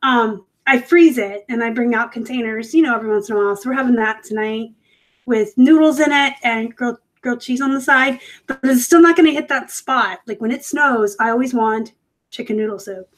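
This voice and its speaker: A fairly high-voiced woman chatting on a live stream from her home workspace. She rambles from one thing to the next, dropping in plenty of fillers and correcting herself as she goes. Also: fairly quick, poor audio. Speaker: host of a live reselling show. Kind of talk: casual live-stream chat. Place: home room set up for work.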